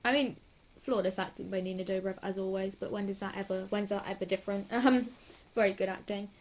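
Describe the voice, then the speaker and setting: Gushing and giggling, a hyper young woman reacts to a TV episode, hopping from scene to scene in a loose, rambling chat. She vlogs TV reactions and speaks in a mid-range voice.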